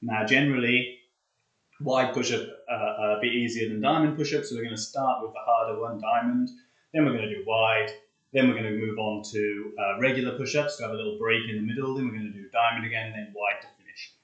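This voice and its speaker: A man's voice: on the low side, steady tone, brisk, fairly bright tone, dull audio. Breathless man leading push-ups. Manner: chatty, upbeat, counts reps aloud. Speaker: fitness coach leading a live workout. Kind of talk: casual live-stream workout instruction. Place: hot flat, indoors. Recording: echoey room.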